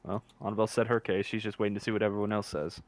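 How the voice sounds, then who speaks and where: A man's voice: on the low side, little pitch movement, very fast, dry recording. A man chatting casually while playing a tabletop role-playing game, often correcting himself mid-sentence. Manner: rambling, self-correcting. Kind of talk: casual tabletop play over voice chat.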